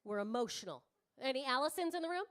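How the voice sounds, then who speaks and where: A woman's voice: high voice, expressive, fast talker, fairly bright tone. A woman in her thirties doing a brash, swearing stand-up comedy set on a club stage, chatting with the crowd. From Canada.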